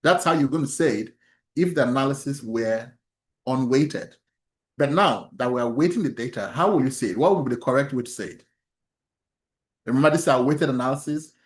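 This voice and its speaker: A male instructor lecturing an online statistics workshop. He asks his students questions, laughs softly, and often restarts his sentences. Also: medium pitch, fairly quick, roomy sound.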